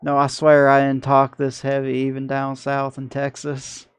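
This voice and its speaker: A man's voice: medium pitch, monotone, moderate pace, clear, resonant tone, dry recording. A man with a Michigan accent, streaming and chatting casually through his gameplay in a rambling, self-deprecating way.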